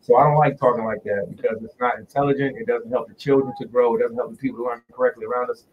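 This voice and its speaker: A man giving a casual religious teaching on a livestream, talking loosely and repeating words slowly, into a phone in front of him. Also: medium pitch, steady tone, recorded from a distance, narrow, tinny audio, slight background noise. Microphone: phone directly in front of him.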